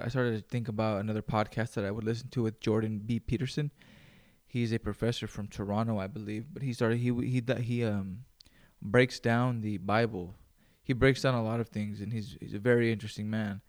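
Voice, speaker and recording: A man's voice: on the low side, fairly even intonation, a little fast, a little mellow. Male solo podcast host, casual, swears constantly, rambles. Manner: profane, rambling, loose.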